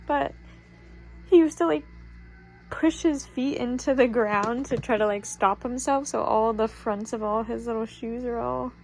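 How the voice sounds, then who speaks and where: A woman's voice: a little high, fairly even intonation, moderate pace, few pauses, faint music behind. A woman vlogging at home as she sorts through her belongings, talking in a rambling, heartfelt way with many fillers. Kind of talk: casual personal vlog. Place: home while sorting belongings.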